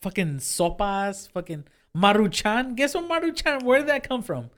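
Animated, swearing young man. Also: high-pitched, moderate pace. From Mexican-American. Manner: swears a lot, laughs easily, animated. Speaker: podcast co-host. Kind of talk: casual chat.

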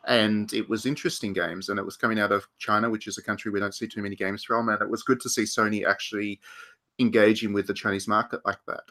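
A man on a casual podcast panel with a lowish voice that rings bright and forceful. He rambles thoughtfully and restarts his sentences often. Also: little pitch movement, fast.

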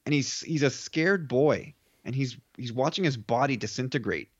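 A man's voice: mid-range voice, normal speed, slightly rough, no echo. Man, podcast guest, earnest emotional recap, muffled dry audio. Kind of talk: casual film review chat.

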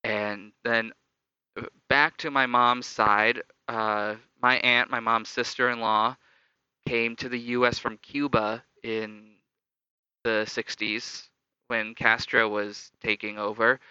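A man's voice: mid-range voice, little pitch movement, slow, sharp tone, clear, resonant tone, no echo. A young adult man casually telling stories about his upbringing, reflective and loosely rambling. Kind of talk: casual personal storytelling. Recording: slightly dull lo-fi dry recording.

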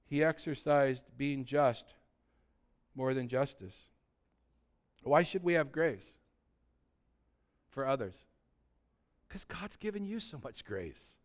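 Taking his time with long pauses, a pastor in his sixties speaks at medium pitch as he preaches. His sermon is lively and conversational, shifting from loud stresses to soft, hushed lines, with rhetorical questions put to the congregation.

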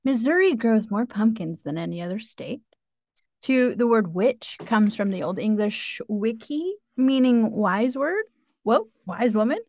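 A woman's voice: on the high side, lively intonation, measured pace, darkish tone. A woman co-hosting an improv comedy podcast, teasing and mock-prim. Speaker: podcast co-host.

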